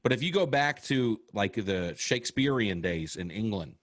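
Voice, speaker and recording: An American man, a comedian, chatting casually on a podcast and explaining things with animated storytelling. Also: fairly low pitch, normal speed, dry recording, studio quality. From United States. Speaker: comedian guest.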